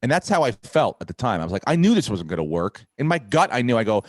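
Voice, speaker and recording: A middle-aged man with a mid-range voice rattles off a comic tale with few pauses. As a podcast host in easygoing chat, he curses liberally and dramatizes the other people's words, captured in clean studio sound without any room noise.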